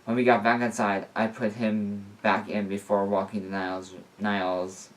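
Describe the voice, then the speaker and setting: Brief: man with a lowish voice, casually reading a story, mic far off. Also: level tone, unhurried. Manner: casual, stumbling reading with restarts. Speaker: story reader. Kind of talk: reading fan fiction aloud.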